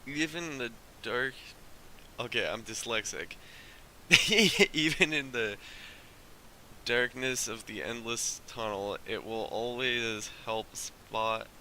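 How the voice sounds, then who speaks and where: A man's voice: medium pitch, takes it slowly, pushed and bright, a little hiss or hum. A man streaming a video game, rambling through jokey stories and laughing often as he plays. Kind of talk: casual gameplay commentary. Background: game music.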